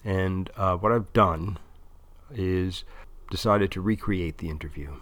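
A man's voice: low-pitched, a little slow, a bit bright, no echo. A man explaining a plan at length in a casual, rambling way with many restarts. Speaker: interviewer recording a monologue.

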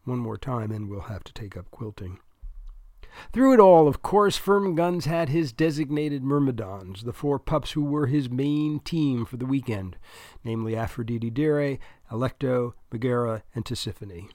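Reading a comic story aloud, this male audiobook narrator keeps a deadpan, wry tone and adds little asides for the listener. He speaks at normal speed in a middle pitch, captured in a very dry, close recording free of room sound.

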